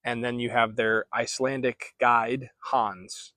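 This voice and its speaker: Male vlogger, mid-pitch, loose and chatty book-review delivery, dry close sound. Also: flat delivery, slow, pushed and bright, no echo. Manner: chatty, rambling, self-correcting.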